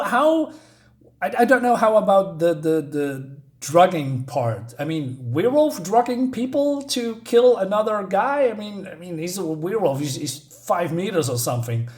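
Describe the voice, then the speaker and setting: A man casually reviewing a comic book, hesitant and stumbling over his words, chuckling often. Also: a little high.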